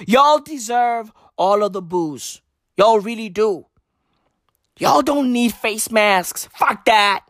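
Woman comic from South Africa, sarcastic slang-heavy rant, unhurried delivery, slightly high voice. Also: fairly bright tone, no echo, studio quality. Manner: mock-serious, heavy street slang, profanity.

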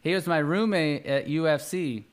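An American man hosting a relaxed podcast, his voice sitting a little high for a man. He jokes around and laughs often in loose, casual conversation. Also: normal speed. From United States.

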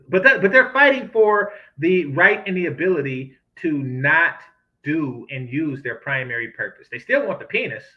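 A man's voice: a little high, sing-song, normal speed, muffled recording. A man ranting in sarcastic, profane commentary as he reacts to news clips. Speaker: commentary host.

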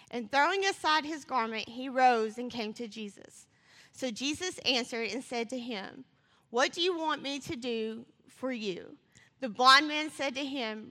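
A woman preaching a sermon. She reads scripture and talks fast, rising to passionate calls. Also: high voice, sharp tone. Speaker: church speaker. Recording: long reverb of a church hall.

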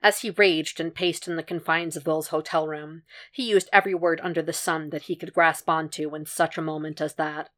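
A woman reading a fan fiction story aloud as a podfic narrator, in a measured, even storytelling manner. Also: sits low. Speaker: podfic reader.

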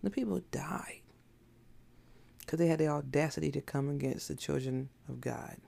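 Woman preacher, casual sermon, very gravelly, dark tone, blunt and emphatic. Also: low voice, moderate pace. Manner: emphatic, blunt, conversational preaching with rhetorical questions. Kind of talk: informal sermon.

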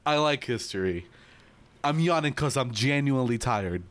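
A young man in casual chat, an animated storyteller who laughs and swears a lot. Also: mid-range voice, normal speed. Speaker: podcast co-host.

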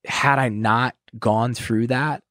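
A man's voice: mid-range voice, slow, dry recording. Man telling a story, dry close mic. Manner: animated, swears often, acts out quotes loudly. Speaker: podcast guest. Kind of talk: casual storytelling.

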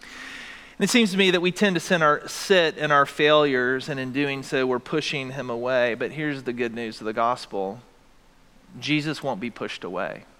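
Bright-voiced pastor preaching in a hall. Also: male voice, mid-range voice, moderate pace, smooth. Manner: dynamic, acts out quoted voices. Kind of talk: sermon. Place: church sanctuary.

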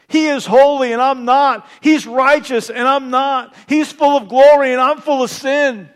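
A man preaching a sermon as pastor, swinging between hushed, intimate passages and loud, emphatic repeated declarations. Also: very high voice, steady tone, measured pace, hardly any pauses, clean tone.

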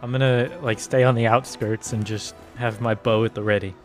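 A man playing a tabletop game, speaking haltingly with laughing asides. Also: medium pitch, fairly even intonation, soft background music. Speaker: player. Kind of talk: tabletop role-play.

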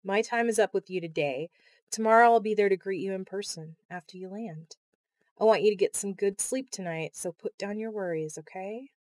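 A woman reading the part of a motherly woman counselor who talks gently and reassuringly, in an audiobook. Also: mid-range voice, normal speed, no echo, close to an everyday voice.

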